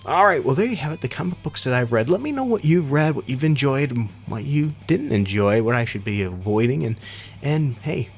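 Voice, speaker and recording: A middle-aged man talks through his weekly comic picks in a rambling, opinionated way, his gravelly voice rising and falling a lot. Faint music plays behind him. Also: mid-range voice, expressive, brisk. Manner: opinionated, rambling, self-deprecating asides. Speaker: comic book reviewer. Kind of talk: casual comic review monologue.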